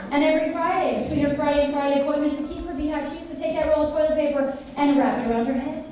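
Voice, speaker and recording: A middle-aged woman telling a personal story to a conference audience, animated and often asking the listeners questions. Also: high-pitched, far from the mic, slight background noise. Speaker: conference speaker. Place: large conference hall. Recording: echoey hall, voice picked up from afar.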